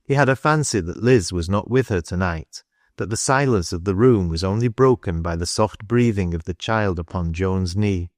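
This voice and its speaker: Male audiobook narrator, low, unhurried, dry studio. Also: dry recording. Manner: steady, unhurried storytelling. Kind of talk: scripted narration.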